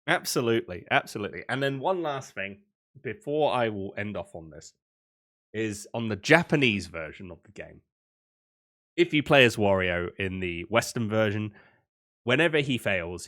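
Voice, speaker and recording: A young British man co-hosting a casual podcast, rambling with excitement and often laughing. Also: lowish voice, moderate pace. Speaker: podcast co-host. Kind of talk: casual chat.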